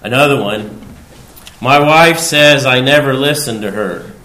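A male pastor preaching an expository sermon in a church sanctuary, speaking in measured phrases that rise loudly whenever he quotes scripture. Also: mid-range voice. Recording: roomy hall sound with faint background noise.

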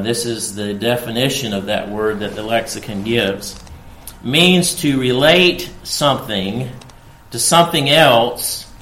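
Male preacher, slow and deliberate, teaching verse by verse, mid-range voice, roomy echo. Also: mid-range voice, fairly bright tone. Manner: slow, deliberate teaching with fillers and emphatic quoted lines. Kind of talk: expository sermon. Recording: echoey room.

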